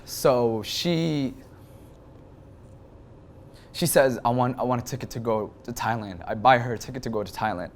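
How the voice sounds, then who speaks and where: A man in his twenties telling a personal story as an interview guest, talking in quick bursts with frequent restarts. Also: mid-range voice, a little hiss or hum. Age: 20s.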